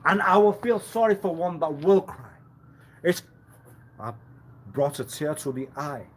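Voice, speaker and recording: Man, slightly high-pitched, livestream lecture; drawn-out delivery, repetitive rhetorical questions, frequent laughs. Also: lively intonation, a little hiss or hum, poor audio. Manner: laughs often, repeats himself. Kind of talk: rambling live-stream monologue.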